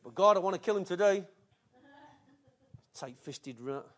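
A man's voice: high-pitched, little pitch movement, very fast. An older man, preaching a sermon in a chatty, joking way with asides to the congregation. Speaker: pastor.

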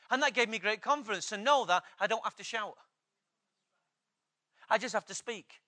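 A man's voice: high voice, normal speed, sharp tone. A man preaching a sermon, emphatic, repeating key phrases and asking the congregation questions.

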